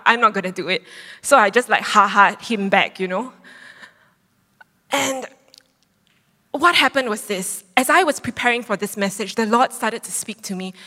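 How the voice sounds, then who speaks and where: A woman in her thirties preaching, telling a personal story with lively acted-out quotes. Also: medium pitch. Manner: animated storytelling, acts out quotes. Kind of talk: sermon testimony. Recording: long hall reverb.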